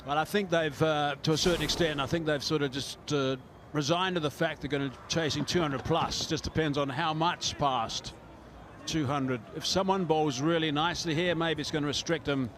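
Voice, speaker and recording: A man commentating live cricket in a relaxed, explanatory way, with frequent pauses and fillers. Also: on the high side, noisy background.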